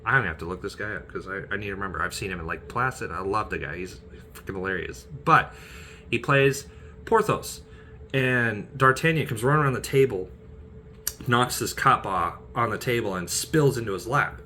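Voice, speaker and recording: A man's voice: on the low side, expressive, a little fast, bright, forceful tone, slight background noise. A man chatting casually and animatedly about favorite film scenes, laughing often. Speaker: aspiring actor vlogger.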